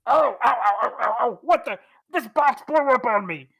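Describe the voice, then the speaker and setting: A man voicing a blustering hippo-man ship captain who shouts indignant questions. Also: very high-pitched, animated, moderate pace, breathy edge, voice pushed up, full character voice. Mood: pained.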